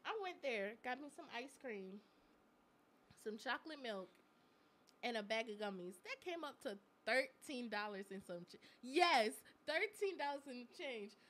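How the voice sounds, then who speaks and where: A woman's voice: fairly high pitch, animated, measured pace, a bit bright. A young woman co-hosting a live chat stream, telling stories in a chatty way with slang and frequent laughter. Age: young adult. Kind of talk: casual chat.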